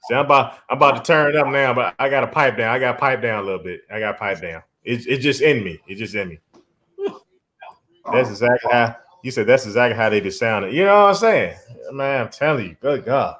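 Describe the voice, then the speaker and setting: A man's voice: mid-range voice, expressive, fairly quick, fairly bright tone. A man hosting a casual live stream, talking emphatically, repeating his phrases and often breaking into laughter.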